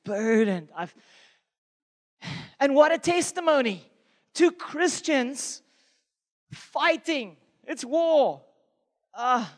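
High-voiced man preaching in a hall. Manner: animated storytelling, self-mocking. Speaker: pastor. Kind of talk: sermon. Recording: long reverb of a hall.

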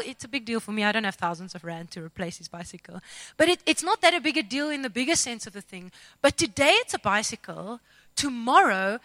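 A woman telling a personal faith testimony in an expressive, self-mocking, dramatic storytelling way. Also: fairly high pitch, no echo. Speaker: speaker sharing a testimony.

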